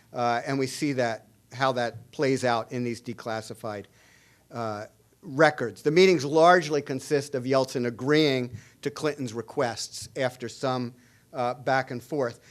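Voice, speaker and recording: A middle-aged man giving a public lecture as an international relations professor, speaking in a measured way with frequent "uh" fillers and restarts. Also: mid-range voice. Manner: reads quoted dialogue aloud with added emphasis. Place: lecture hall at a public forum.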